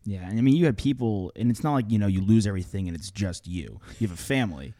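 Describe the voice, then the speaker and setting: A young man hosting a casual interview, asking questions haltingly and searching for words. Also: lowish voice, animated, dark tone, dry recording, clean studio sound. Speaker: podcast host.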